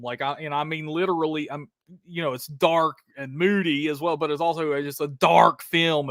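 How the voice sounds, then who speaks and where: Upbeat male streamer hosting live trivia, chatty and pumped, a bit high-pitched, dry close mic. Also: a bit bright, no room sound. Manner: hyped, chatty, calls viewers brother and dude.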